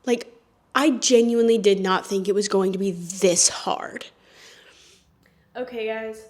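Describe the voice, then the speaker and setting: A woman's voice: mid-range voice, moderate pace, darkish tone. A woman in her twenties talking casually to camera in a vlog, chatty and rambling with many fillers and restarts. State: tired, yawning. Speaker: vlogger. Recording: echoey room.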